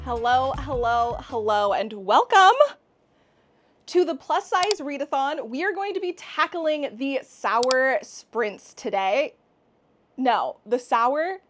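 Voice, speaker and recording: A woman's voice: sits high, expressive, slow pace, a bit bright, a little hiss or hum. A young woman chatting casually in a book vlog, giggly and rambling, with faint music underneath. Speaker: book vlogger.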